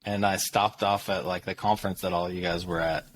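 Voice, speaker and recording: A man's voice: low voice, fairly even intonation, a little fast, slight background noise. A man in his thirties co-hosting a podcast in casual chat, rambling with many fillers, slightly mumbled, self-deprecating. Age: 30s. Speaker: podcast co-host.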